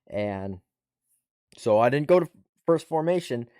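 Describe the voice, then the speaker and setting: An army veteran hosts a livestream from home on a desktop USB mic, telling a casual, profane story and ranting animatedly while swearing constantly and restarting. His medium-pitched voice is expressive, mellow, and smooth at a measured pace. The sound is studio quality with no room sound.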